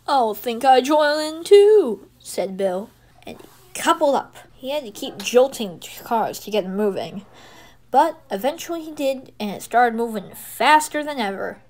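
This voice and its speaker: A woman telling a home-made toy train story in a plain, unhurried manner. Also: on the high side.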